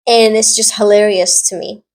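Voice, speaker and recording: In a mid-range, a little mellow voice with flat delivery at normal speed, a young adult woman recaps a drama series for her vlog. She rambles casually, full of fillers and sassy side comments.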